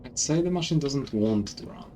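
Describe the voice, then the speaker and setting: A man's voice: medium pitch, lively intonation, moderate pace, warm tone, a little hiss or hum, natural voice. A man voicing a humble, folksy male engineer in a game who talks in a drawl and calls people "miss". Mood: puzzled.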